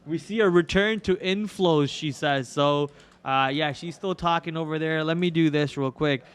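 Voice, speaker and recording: A young male host rattles off casual market commentary in a loose, rambling way, full of fillers and restarts. His voice sits a little high for a man and comes across smooth and clear. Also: moderate pace. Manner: rambling, chatty, filler-heavy. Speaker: stock trading livestream host.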